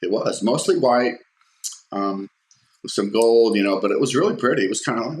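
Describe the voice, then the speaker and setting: Man, deep voice, loose anecdotal storyteller, pops up for quoted lines; roomy echo. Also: brisk. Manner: rambling, many fillers and restarts; acts out quotes in a raised voice. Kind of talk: casual personal storytelling.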